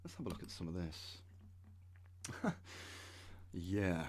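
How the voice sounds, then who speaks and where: Slow, low-voiced man. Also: very animated. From United Kingdom. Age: 30s. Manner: wry, sarcastic asides. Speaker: channel host. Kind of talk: reading web pages aloud with commentary.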